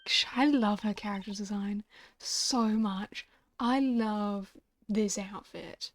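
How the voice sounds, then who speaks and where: A woman's voice: medium pitch, slow. A young woman streamer chatting and muttering asides while playing a story game live. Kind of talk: live let's-play commentary.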